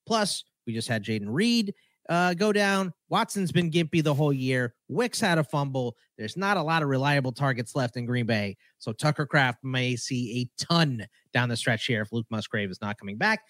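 A man's voice: medium pitch, expressive, normal speed, a bit bright, no room sound, clean studio sound. A man co-hosting a fantasy football podcast, teasing his partner and delivering punny headlines. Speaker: podcast co-host. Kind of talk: casual sports podcast banter.

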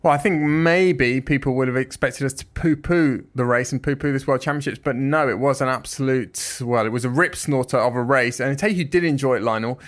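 A man co-hosting a podcast, chatting casually with quick, jokey asides. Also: mid-range voice. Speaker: podcast co-host.

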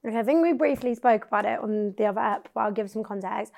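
A chatty young woman with a British accent hosts a casual podcast. Her voice sits a little high. She tells stories in a loose, swearing, teasing way. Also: fast, creaky, darkish tone. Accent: British English. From England. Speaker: podcast host. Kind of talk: casual chat.

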